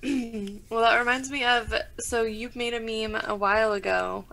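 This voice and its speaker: A woman's voice: a little high, steady tone, unhurried, creaky, fairly bright tone. A young woman co-hosting a podcast, chatting casually and rambling with many fillers. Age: young adult. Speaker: podcast co-host. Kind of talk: casual chat.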